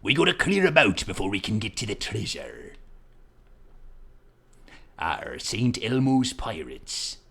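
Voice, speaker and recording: A man voicing a gruff, boozy male pirate who talks in salty sea-dog slang over a video game. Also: fairly low pitch, wildly swooping pitch, slow pace, long pauses, fairly bright tone, exaggerated voice. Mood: swaggering.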